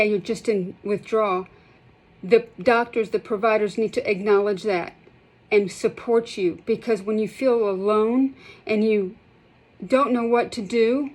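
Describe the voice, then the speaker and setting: A middle-aged woman with a drawl speaks straight to camera in an emotional vlog. She sounds impassioned and shaky, close to tears, and repeats and restarts her sentences. Her voice sits at an ordinary middle pitch. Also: darkish tone, low-quality recording. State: shaky, holding back tears. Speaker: healthcare provider sharing her withdrawal experience.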